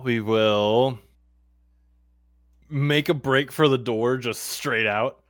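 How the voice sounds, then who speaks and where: A man's voice: medium pitch, very slow, fairly bright tone, no echo, clean studio sound. A man playing a tabletop game, joking and fidgety, often laughing. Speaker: player. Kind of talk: casual tabletop play.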